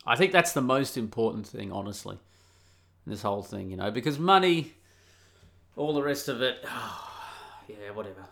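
A middle-aged Australian man talks alone into his podcast mic, loose and candid, circling back on himself and swearing freely. His voice sits fairly low yet sounds bright and forceful. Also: creaky. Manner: rambling and candid, frequent restarts and swearing. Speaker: podcast host. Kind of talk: casual solo podcast monologue.

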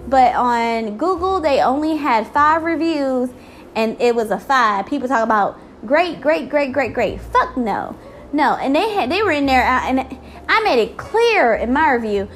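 High-voiced woman venting, profane. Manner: profane, exasperated ranting. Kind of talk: casual venting vlog.

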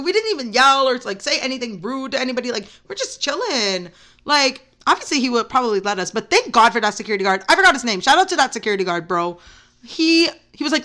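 Young female podcast host, high bright voice, rambling and excitable storyteller. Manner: rambling, excitable, heavy use of "like". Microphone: camera mic.

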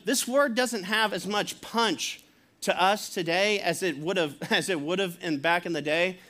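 A male pastor gives a sermon in a relaxed, conversational voice that sits fairly high. He chuckles as he goes and slips into acted quotes. He speaks plainly to a church.

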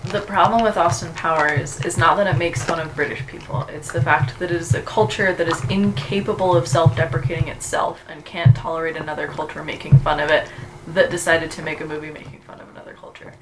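A woman's voice: low voice, steady tone, a little fast, background noise. A woman in casual chat, emphatic and opinionated. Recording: crowd chatter behind. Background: crowd.

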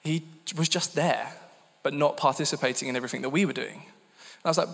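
A man's voice: on the high side, fairly quick, gravelly, a bit bright. A man in his thirties from England giving a candid, self-deprecating personal testimony at a church gathering. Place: church hall. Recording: long reverb in a church hall.

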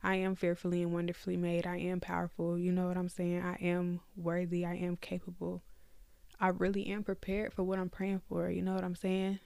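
A young woman speaks candidly to her listeners, calling them y'all as she reflects aloud. Her voice is gravelly and mellow, with a fairly flat melody. The sound is dry and close, as though recorded in bed at home. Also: lowish voice, brisk, dry recording. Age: young adult. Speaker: podcast host. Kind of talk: faith podcast monologue.

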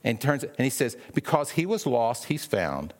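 A man's voice: mid-range voice, very animated, moderate pace. A man preaching a sermon in a conversational way, with many restarts and questions to the listeners. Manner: acts out the brothers' lines in a raised, sharp voice.

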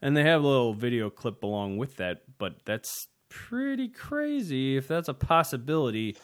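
A man's voice: mid-range voice, very animated, normal speed, clean tone. A man co-hosting a casual tech podcast, talking in a loose, rambling way with frequent hesitations and chuckles. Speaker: podcast co-host.

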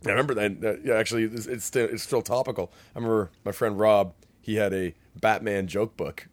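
A man with a fairly low voice, co-hosting a loose podcast chat. He rambles from one story to the next and swears freely. The sound is dry and close to the mic. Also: fairly even intonation, fairly quick, no room sound. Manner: rambling, swears freely, laughs while telling stories. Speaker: podcast co-host. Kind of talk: casual chat.

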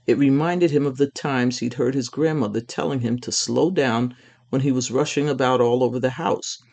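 A man narrating a children's chapter book in a steady, expressive reading. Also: mid-range voice, moderate pace, gravelly. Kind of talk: storybook reading.

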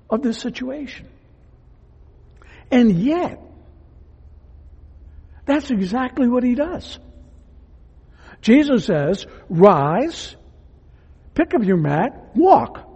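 A man preaching a sermon as a pastor, earnest and emphatic, at times dropping to a hush. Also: very high voice, slightly rough, big-room sound. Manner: earnest, emphatic preaching that drops to hushed tones.

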